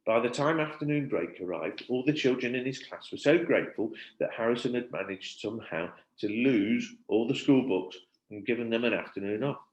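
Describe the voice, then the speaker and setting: A male primary school teacher reading a children's book aloud in an expressive storytelling manner. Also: medium pitch, muffled recording. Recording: roomy echo.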